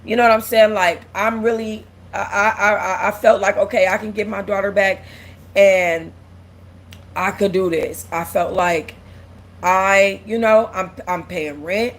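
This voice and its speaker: Speaking unhurriedly in a steady, medium-pitched voice, a young livestream host gets emotional and candid, near tears. She keeps repeating herself while reading aloud and replying to comments from her viewers during the casual stream.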